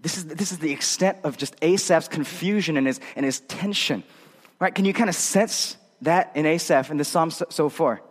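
A man's voice: on the high side, normal speed, slightly rough, big-room sound. A male pastor preaching a sermon in a conversational way, often checking in with tag questions.

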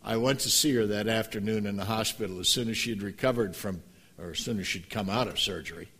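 A pastor preaching a sermon, moving from quiet storytelling to emphatic, passionate preaching. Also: male voice, on the low side, fast, breathy edge.

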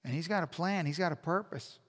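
A man preaching a sermon as pastor, swinging between hushed, intimate asides and loud, emphatic exhortation. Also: a little high, a little fast. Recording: long hall reverb.

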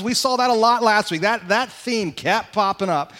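A man preaching a sermon as pastor, in an animated, conversational way and asking the congregation questions. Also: high-pitched, moderate pace, hardly any pauses. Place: church sanctuary.

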